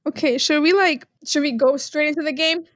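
Young woman, high-pitched, giggly, nervous, slangy, dry close sound. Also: fairly quick, no echo. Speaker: podcast co-host, quiz contestant. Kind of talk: casual chat.

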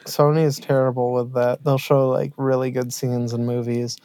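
A man's voice: mid-range voice, flat delivery, normal speed, warm tone, dry recording. A man co-hosting a podcast, chatting casually and complaining emphatically. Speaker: podcast co-host. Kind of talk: casual chat.

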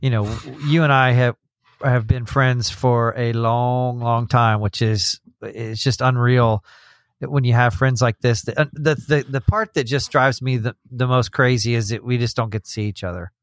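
A man's voice: mid-range voice, fairly even intonation, normal speed, no echo, studio quality. A man hosting a podcast in casual chat, rambling with many restarts and acting out quotes as he tells stories. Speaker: podcast host.

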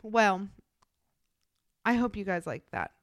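A woman co-hosting a true crime podcast, telling the case in a casual, animated way, laughing often and swearing freely. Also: mid-range voice, slow, dry recording, studio quality. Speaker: podcast co-host.

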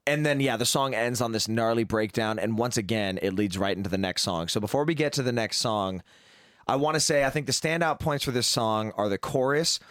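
Young male podcast host, mid-pitched, rambling and profane, dry recording. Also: a little fast, a bit bright, smooth, no echo. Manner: rambling, filler-heavy, swears often. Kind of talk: casual chat about music.

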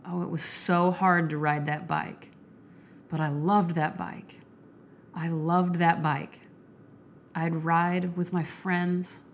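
A woman with a stuffy nose reading aloud as an elderly grandfather, quiet and hushed as he recalls his childhood bike. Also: fairly low pitch, level tone, slow, long pauses, a little hiss or hum. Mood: wistful.

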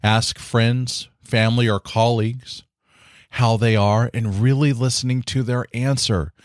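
A man's voice: mid-range voice, steady tone, unhurried, no room sound, clean studio sound. A man hosting his own podcast in casual solo talk, earnest and encouraging, with many fillers like "you know.". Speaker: podcast host.

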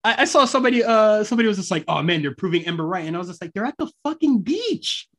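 A man's voice: high voice, expressive, racing, sharp tone. A man co-hosting a podcast, chatting casually about wrestling, laid-back, laughing often and swearing freely. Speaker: podcast co-host.

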